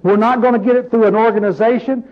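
A man's voice: very high-pitched, steady tone, quick pace, lo-fi sound. A man preaching an informal Bible-study sermon, folksy and plain-spoken, asking his group questions as he goes.

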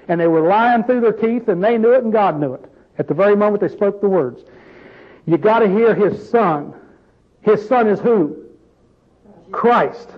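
A man's voice: sits high, muffled recording. A man preaching an informal Bible-study sermon, folksy and plain-spoken, asking his group questions as he goes.

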